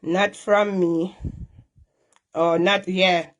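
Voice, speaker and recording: A woman's voice: on the low side, steady tone, drawn-out words. A middle-aged Jamaican woman scolding at length on a live stream, repeating herself in heavy Patois.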